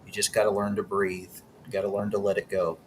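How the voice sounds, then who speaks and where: A man in a tabletop game, speaking in character in a calm, encouraging way. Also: fairly low pitch, fast talker, a little hiss or hum. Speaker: player. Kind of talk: in-character tabletop role-play.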